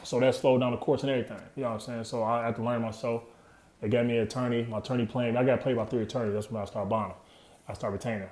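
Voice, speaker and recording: Here the same kind of guest, a man in his 30s, talks very fast in a mid-range, darkish voice with a steady tone. The recording is reverberant, and his candid personal story comes out streetwise, slangy, and often unfinished.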